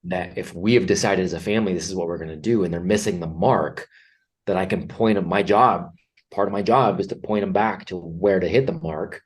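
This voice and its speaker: Deep-voiced man telling personal stories. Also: fairly quick, breathy edge. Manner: earnest, reflective, frequent fillers and restarts. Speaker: podcast guest. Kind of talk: candid conversational storytelling.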